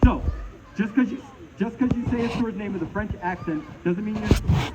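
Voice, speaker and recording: Outdoors by a pond, a middle-aged man from Maine juggles for a crowd in a live comedy show, trading jokes and banter. He talks briskly in a high-pitched voice. The sound is muffled and heavy with background noise.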